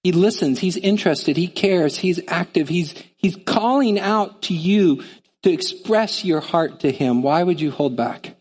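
Brief: a man preaching from the pulpit, lively and conversational, slightly higher-pitched voice. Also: a little slow, breathy edge, big-room sound. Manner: animated, conversational, acts out voices. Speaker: pastor. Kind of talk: sermon.

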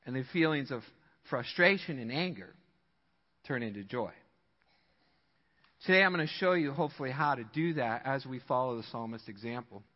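A man preaching a sermon as pastor, telling a story in an animated way and laughing often, in a church sanctuary. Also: mid-range voice, normal speed, pauses often, long reverb tail, lo-fi sound.

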